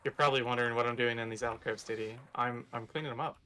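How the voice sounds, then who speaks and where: A man's voice: medium pitch, steady tone, fast talker, sharp tone. Easygoing man chatting mid-game. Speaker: teammate on voice chat. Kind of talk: casual game chat.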